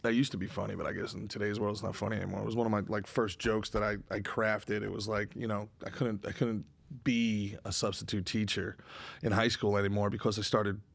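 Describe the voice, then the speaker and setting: A man's voice: fairly low pitch, little pitch movement, brisk, gravelly, dry recording. A man in his twenties co-hosting a podcast, rambling casually with crude jokes and lots of filler words. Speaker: podcast co-host.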